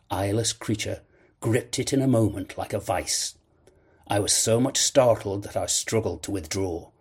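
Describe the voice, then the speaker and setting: Husky low-voiced male storyteller. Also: a little mellow. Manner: measured storytelling. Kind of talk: audiobook narration.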